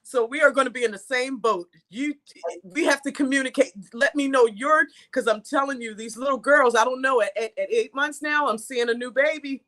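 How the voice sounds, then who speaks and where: A woman's voice: high voice, a little fast, fairly bright tone. A middle-aged woman, a guest in a casual chat, speaking emphatically and repeating her phrases.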